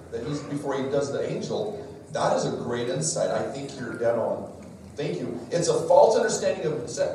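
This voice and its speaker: A middle-aged man delivers a live devotional talk, his voice rising and falling freely as he tells stories against himself. The recording is heavily reverberant and taken from a distance, with a faint hum of the room behind. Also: a little high. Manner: lively storyteller, jokes at his own expense. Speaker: speaker at a church parenting talk. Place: large echoey room with a live audience. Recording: echoey hall recording from far off.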